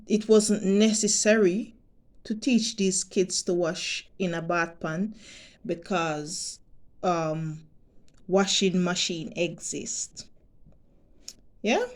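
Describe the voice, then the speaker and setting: A Jamaican woman vlogging to her subscribers, talking deliberately and emphatically and repeating her points. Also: fairly low pitch, fairly even intonation, darkish tone. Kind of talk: direct-to-camera monologue.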